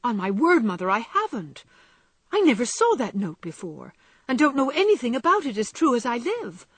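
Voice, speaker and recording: A woman voicing an impetuous, tomboyish teenage girl who speaks loudly and headlong. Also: mid-range voice, very animated, moderate pace, husky, dry recording. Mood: indignant. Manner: loud, indignant, headlong.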